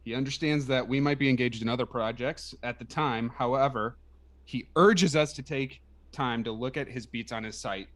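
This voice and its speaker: A man's voice: medium pitch, normal speed, fairly bright tone. A man co-hosting a live movie podcast, reading a listener email aloud in a dry, amused way. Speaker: podcast co-host. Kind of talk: casual live podcast banter.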